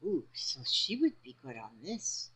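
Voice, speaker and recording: A woman's voice: fairly low pitch, big pitch swings, a little slow, fairly bright tone, slightly rough, rough recording. A woman chatting casually about her quilting fabric, rambling and talking half to herself. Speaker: crafting vlogger. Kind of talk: casual crafting vlog.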